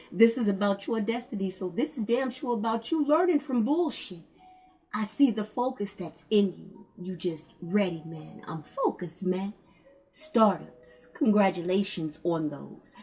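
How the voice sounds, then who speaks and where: A woman's voice: mid-range voice, a little mellow, rough recording. A woman giving a casual tarot reading, blunt and profane, calling her listeners fam and baby. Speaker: tarot reader.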